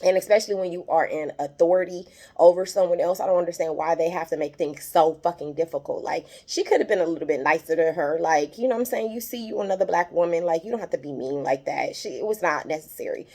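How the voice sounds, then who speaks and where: A woman's voice: fast talker, hardly any pauses. A woman hosting a casual TV episode recap, chatty and opinionated, often calling the viewer "child" and "honey.". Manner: animated, rises high when worked up.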